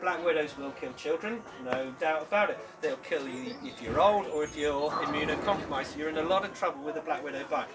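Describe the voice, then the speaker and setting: A man's voice: on the high side, brisk, few pauses, very noisy. A man presenting spiders at an outdoor bug show, chatty and jokey as he explains facts to the people around him. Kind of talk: informal public talk. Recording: distant voice over loud crowd.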